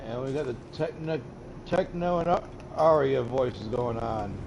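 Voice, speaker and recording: A man's voice: medium pitch, expressive, unhurried, lo-fi sound. A man playing a game alongside the host, talking casually and bluntly, grumbling at what happens in the game. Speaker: co-player. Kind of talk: casual gaming chat. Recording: clear background noise.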